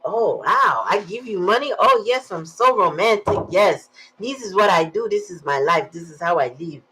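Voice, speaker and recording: A woman voicing an excitable young Nigerian boyfriend, loud and boastful, in an imitated Nigerian accent. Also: mid-range voice, moderate pace, breathy edge, rough recording. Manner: yelling, boastful, eager.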